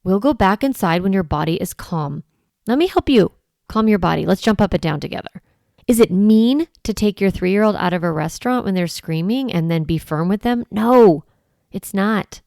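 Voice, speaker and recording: Her medium-pitched voice is gravelly and a little mellow, with lively intonation and a moderate pace, recorded at studio quality with no echo. Speaking straight to camera, this parenting coach demonstrates in a firm, strong tone the words parents might use with their children.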